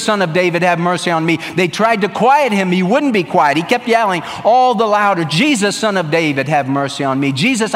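A man's voice: a little high, a bit bright, in a large hall. A man preaching a sermon as pastor, earnest and emphatic, repeating his phrases.

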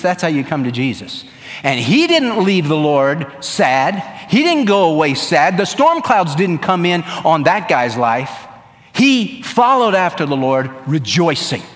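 Earnest male pastor, preaching with emphasis, somewhat high voice. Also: big-room sound. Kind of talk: sermon.

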